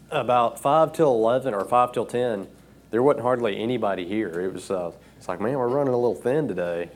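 A man preaching an informal sermon from a church stage, emotional and earnest, often pausing with fillers. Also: on the low side, darkish tone. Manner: earnest, halting with frequent fillers.

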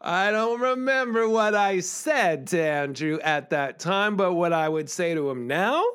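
A man's voice: high voice, animated, measured pace, a bit bright, clear, resonant tone. A man hosting a podcast, telling a personal story in a casual, candid way with fillers and the odd swear. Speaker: podcast host.

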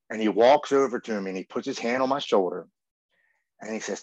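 A man's voice: lowish voice, fairly even intonation, moderate pace, no room sound. A man in his forties, a podcast guest, earnestly telling his personal recovery story and acting out the things he and others said. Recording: dull, muffled podcast audio.

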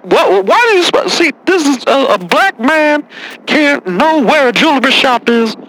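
A man voicing an indignant caller on a comedy radio bit who is quick to take offense and talks confrontationally. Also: extremely high pitch, sing-song, creaky, fairly bright tone, slight background noise, full character voice, low-quality recording.

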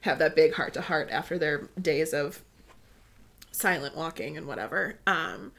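A woman's voice: deep voice, moderate pace, creaky, fairly bright tone. A woman co-hosting a casual book discussion, enthusiastic and chatty with many fillers. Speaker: podcast co-host.

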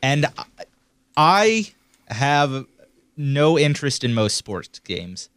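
A man's voice: medium pitch, very animated, slow pace, smooth, no room sound. Co-host, male, mid voice, hesitant and easygoing, dry close mic. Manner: hesitant, lots of ums and softened opinions. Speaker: podcast co-host. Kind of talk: casual podcast chat.

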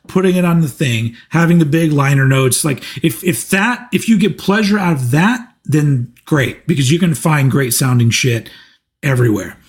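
Rambling, swearing man, slightly high voice. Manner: rambling, profane, storytelling with restarts. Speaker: channel host. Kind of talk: casual livestream Q&A.

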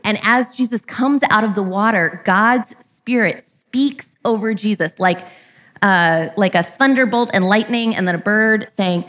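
A woman's voice: mid-range voice, a little slow, fairly bright tone. Woman preaching a candid, casual sermon. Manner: candid and conversational, lightly irreverent. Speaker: pastor.

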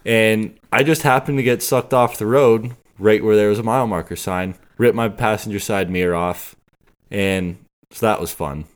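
A man's voice: fairly low pitch, normal speed. A man on a podcast telling a story in casual chat, rambling and acting out the dialogue he recalls. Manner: rambling, acts out quoted dialogue. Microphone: podcast microphone.

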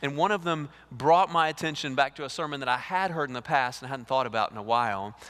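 A male lead pastor, preaching a sermon in an animated way, repeating words and acting out dialogue. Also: mid-range voice, fast, smooth. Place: church sanctuary. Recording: reverberant church hall.

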